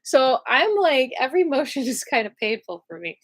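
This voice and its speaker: A woman telling a story in a casual storytime vlog, chatty and animated, laughing often and using lots of fillers. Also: high voice, moderate pace, hardly any pauses. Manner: animated retelling with many fillers. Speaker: vlogger.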